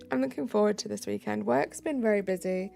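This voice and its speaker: On a live stream, a weary British woman chats casually, giggling as she reads chat messages aloud and slips into soft asides. Her voice sits in the mid-range with a creaky texture.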